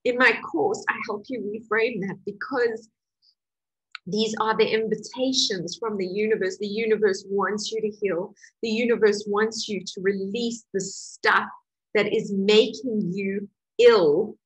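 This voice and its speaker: A middle-aged woman who teaches a healing course, telling a personal story in an emotional, animated way with laughter. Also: mid-range voice, a little slow, slightly rough, low-quality recording.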